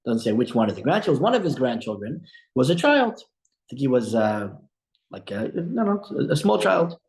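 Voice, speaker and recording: A man teaching a religious study class as a rabbi, telling stories in an animated way with frequent restarts. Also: mid-range voice, moderate pace, creaky. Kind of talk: storytelling religious lesson. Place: room at a breakfast study group. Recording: echoey room.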